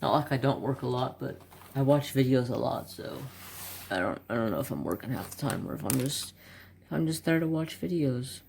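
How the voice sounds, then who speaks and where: A man's voice: mid-range voice, expressive, fairly quick, creaky, darkish tone, a little hiss or hum. A man in his forties chatting casually as a craft channel host, rambling and joking with muttered asides while swatching markers at his home desk.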